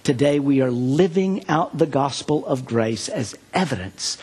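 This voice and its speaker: A man preaching a sermon in a middle-pitched, slightly husky voice. He tells a story with earnest emphasis and circles back to key phrases. In prayer he turns quiet and slow. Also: expressive. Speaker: pastor.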